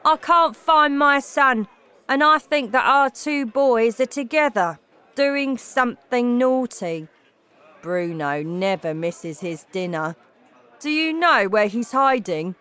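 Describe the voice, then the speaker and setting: A woman voicing an angry, blustering father who shouts his lines. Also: on the high side, lively intonation, slow pace, clean tone, pitched above the performer's own voice. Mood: angry shouting.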